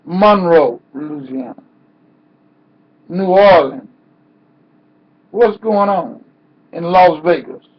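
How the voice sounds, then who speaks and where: A man's voice: sits high, husky. A man giving an impassioned protest speech with a preacher-like cadence that rises into cries, heard on a dull lo-fi recording. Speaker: activist speaker. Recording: dull lo-fi sound.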